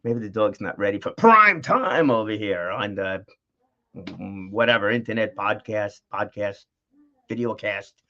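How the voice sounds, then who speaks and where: A man's voice: fairly low pitch, animated, measured pace, bright, forceful tone. A middle-aged man talking casually at home in a rambling vlog, with lots of fillers. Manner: rambling, chatty, frequent fillers and laughs. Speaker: vlogger. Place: home, with a dog nearby. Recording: dull lo-fi audio.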